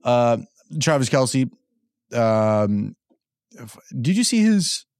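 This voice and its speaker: A man's voice: medium pitch, big pitch swings, takes it slowly, a little mellow, smooth, no room sound, clean studio sound. A man co-hosting a comedy podcast, riffing loosely and swearing as he chats. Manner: loose, profane, riffing with laughs. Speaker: podcast co-host. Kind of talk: casual chat.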